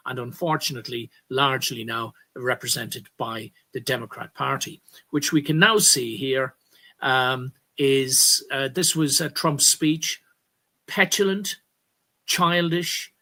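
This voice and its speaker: Bright-voiced Irish man ranting on politics. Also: medium pitch, unhurried. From Ireland. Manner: rambling, stops to correct himself, emphatic bursts. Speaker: commentary host. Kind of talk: political commentary monologue.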